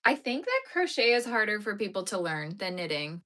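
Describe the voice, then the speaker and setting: Young female streamer, bright voice, mid pitch, easygoing craft-stream chatter. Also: big pitch swings, brisk. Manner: chatty, reacts to chat, turns tearful over sad dog movies. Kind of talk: casual live-stream chat while crocheting.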